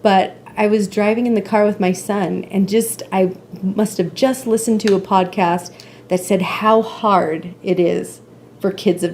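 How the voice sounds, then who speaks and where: A woman's voice: medium pitch, creaky, a little mellow, a little hiss or hum. A woman in her forties, a podcast guest, talking openly and emotionally in a casual conversation. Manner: open, emotional, candid storytelling.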